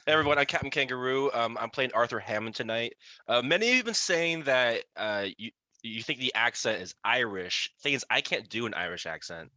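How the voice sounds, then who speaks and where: Bright-voiced excitable man, dry sound. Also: mid-range voice, no echo. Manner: excitable, laughing, halting. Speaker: player. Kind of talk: casual chat.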